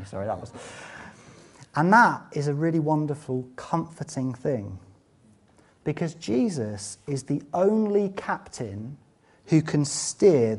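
A man preaching a sermon, swinging between loud, fervent exclamations and quiet, conversational asides. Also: on the high side. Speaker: pastor.

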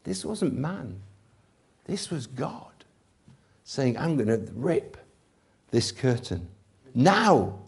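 Gravelly preacher, emphatic. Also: male voice, fairly high pitch. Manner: emphatic preaching, swings between loud and hushed. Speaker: pastor. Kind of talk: Easter sermon.

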